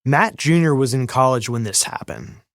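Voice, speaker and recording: A man hosting a podcast, reading scripted narration in a measured, even way. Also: medium pitch, no room sound, studio quality. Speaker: podcast host. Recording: faint music underneath.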